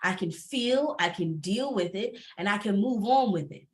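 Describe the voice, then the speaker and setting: A woman's voice: mid-range voice, lively intonation, moderate pace. Passionate woman speaking on a panel. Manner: passionate, emphatic, laughs often. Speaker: entrepreneur and coach on a panel. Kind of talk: candid panel talk. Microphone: video call.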